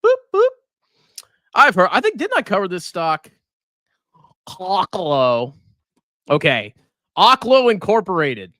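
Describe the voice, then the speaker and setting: A man's voice: high voice, big pitch swings, moderate pace, bright, forceful tone, no room sound, studio quality. A man ranting sarcastically as he reviews a stock on a personal finance live stream, insulting the buyers.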